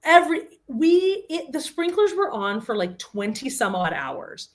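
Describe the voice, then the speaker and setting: A woman guest on a podcast, telling a funny story in casual chat with lots of laughter and quick asides. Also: sits high, sing-song.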